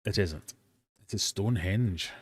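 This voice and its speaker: A man's voice: sits low, unhurried, slightly rough, no room sound, clean studio sound. A British man hosting a live-stream quiz from his fish room, reading out questions and chatting with self-mocking dad jokes.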